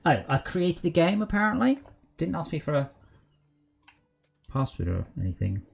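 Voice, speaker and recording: A man's voice: on the high side, sing-song, moderate pace, gravelly, husky. A man hosting a casual gaming stream, chatting and rambling aloud with lots of fillers while he sorts out game problems.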